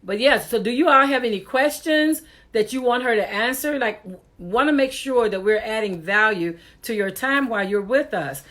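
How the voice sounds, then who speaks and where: A woman's voice: a little high, animated, normal speed, fairly bright tone. Chatty woman hosting a live stream. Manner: chatty, laughs often, exasperated at technical glitches. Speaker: talk show host. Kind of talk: casual live-stream chat. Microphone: computer for a live stream.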